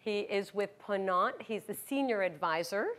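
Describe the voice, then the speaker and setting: A woman moderating a conference panel in a room, upbeat and quick to laugh, introducing speakers. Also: mid-range voice, animated, fairly bright tone. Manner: upbeat, laughs lightly, self-correcting.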